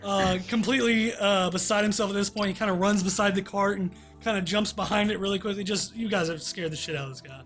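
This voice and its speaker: A man narrating as game master in a tabletop game, halting, with many fillers. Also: high-pitched, over music.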